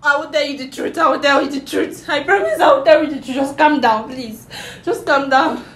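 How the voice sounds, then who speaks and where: A woman's voice: high-pitched, a little fast, a bit bright. A young Nigerian woman performing a prank skit, pleading and sobbing with bursts of laughter. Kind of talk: prank skit, fake tearful confession. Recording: echoey room.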